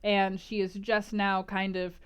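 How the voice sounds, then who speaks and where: A woman's voice: medium pitch, flat delivery, measured pace, smooth. A woman streaming, chatting with her viewers and reading a novel aloud in a bubbly, giggly way. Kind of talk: casual stream chat and read-aloud narration.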